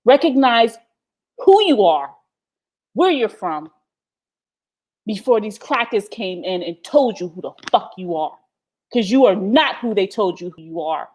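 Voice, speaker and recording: A woman's voice: medium pitch, expressive, unhurried, darkish tone. A woman from the United States, hosting a livestream in passionate, profane talk full of emphatic repetition, teary-eyed. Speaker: livestream host.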